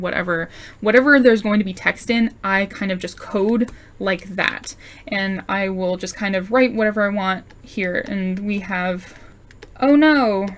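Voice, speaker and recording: A woman walks through comic page layouts in an easygoing tutorial voice. Her pitch sits in a plain middle range, and she chats loosely with fillers as she draws. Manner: chatty, explains while sketching, many fillers. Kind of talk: casual drawing tutorial.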